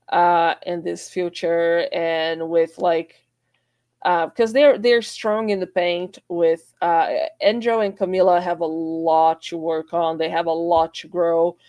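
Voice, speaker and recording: A woman's voice: fairly low pitch, steady tone, slow, darkish tone, dry recording. A woman co-hosting a casual sports podcast, speaking in a hesitant, thoughtful way with many fillers. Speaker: podcast co-host.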